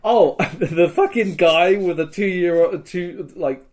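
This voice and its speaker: A man's voice: high-pitched, slow, darkish tone. A man co-hosting a podcast, telling a battle story in casual chat, acting out the quotes and swearing freely. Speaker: podcast co-host.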